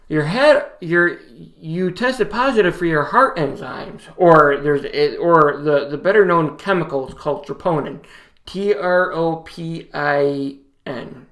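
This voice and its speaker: A man's voice: fairly high pitch, fairly bright tone. A man telling a personal story to his viewers in a casual vlog, rambling with many restarts and acting out what people said to him. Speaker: vlogger.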